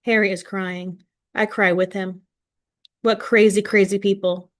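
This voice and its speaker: A woman teacher reading a novel aloud to her class in an expressive way, then setting questions for the class. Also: mid-range voice, measured pace. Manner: expressive read-aloud, voicing quoted lines with more force.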